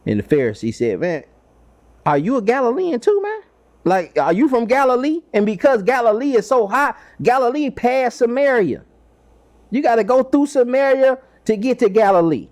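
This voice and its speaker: Man doing a snooty pharisee voice, pitched up high, ranting and sneering at everybody. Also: big pitch swings, normal speed, darkish tone. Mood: scornful. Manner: mocking, dismissive ranting. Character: arrogant male Pharisee, scornful and self-important.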